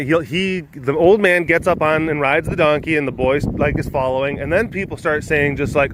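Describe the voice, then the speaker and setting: A man's voice: on the high side, moderate pace, fairly bright tone, slight background noise. A man hosting a vlog who retells a fable in a casual, rambling way, with lots of fillers. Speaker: vlog host, animal keeper. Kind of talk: casual storytelling.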